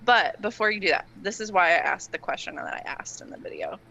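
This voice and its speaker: Animated young woman telling stories. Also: medium pitch, a little fast, lo-fi sound, faint music behind. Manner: animated storyteller, laughs often, acts out quotes. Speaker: guest. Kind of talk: casual chat.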